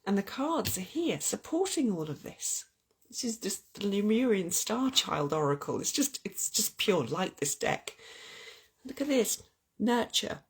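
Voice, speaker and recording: A woman's voice: medium pitch, big pitch swings, measured pace, breathy edge. A woman hosting an earnest, heartfelt spiritual chat about love and oracle cards, often restarting her sentences. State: getting weepy. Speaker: spiritual channel host.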